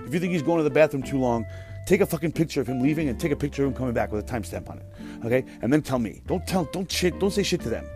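A man in his thirties rants through a work story on his podcast, cursing freely and sounding fed up. He talks at a rapid clip. Faint guitar music plays softly under his voice. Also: mid-range voice, expressive. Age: 30s. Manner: profane, exasperated, mimics other people's voices. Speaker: podcast host. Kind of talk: casual storytelling rant.

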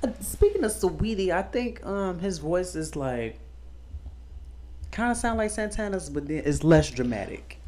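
Soft-spoken guy in his 20s rambling on a podcast, lots of likes and ums. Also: sits high, expressive, measured pace. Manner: rambling, full of "like" fillers. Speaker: podcast co-host. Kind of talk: casual podcast chat.

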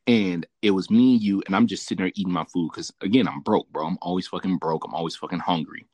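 A man's voice: sits low, quick pace, slightly rough, dry recording. A man from Southern California hosting a casual chat, telling a story with lots of swearing and laughter. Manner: profane, laughing, animated storyteller. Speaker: podcast host.

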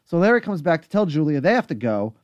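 A man chatting through a TV episode recap on a podcast, his voice bouncing up and down with animated energy. He sounds a touch higher than most men and is recorded close and dry, with no room around him. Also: fast, no room sound, lo-fi sound. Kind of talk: casual chat.

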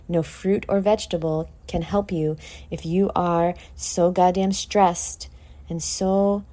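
A woman's voice: lowish voice, warm tone. A woman hosting a podcast, talking candidly and emotionally in a casual solo monologue, swearing freely. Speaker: podcast host.

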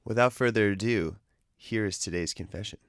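A man hosting a show, giving a measured, deliberate introduction with a content warning. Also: fairly low pitch. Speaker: podcast host.

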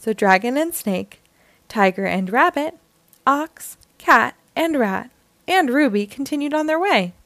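A woman reads a children's picture book aloud as a storytime host, taking her time with each phrase. Her voice is fairly high and very melodic, rising and falling expressively, and the recording is close and dry. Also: expressive, unhurried, fairly bright tone, no room sound.

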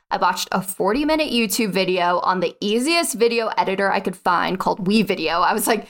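Lively young woman telling her story. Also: mid-range voice, brisk. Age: young adult. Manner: lively storyteller who acts out her own past dialogue. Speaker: guest. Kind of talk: casual interview storytelling.

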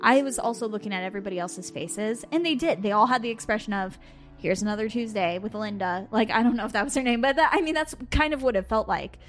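A young woman hosting a podcast, telling a story in an animated, quick, self-mocking way. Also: fairly high pitch, faint music behind. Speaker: podcast co-host. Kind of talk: casual storytelling.

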